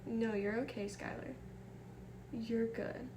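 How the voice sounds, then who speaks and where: A young woman from the American Midwest, streaming live and chatting softly with her viewers, greeting them by name and reading their messages aloud. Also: a little high, steady tone, slow pace, a little hiss or hum. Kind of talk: casual chat with chat readers.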